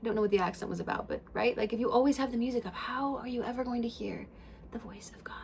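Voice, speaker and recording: A woman hosting a podcast, giving an emphatic spiritual self-help monologue full of swearing that swings between loud and hushed. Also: on the high side, quick pace, creaky, a little hiss or hum. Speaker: podcast host.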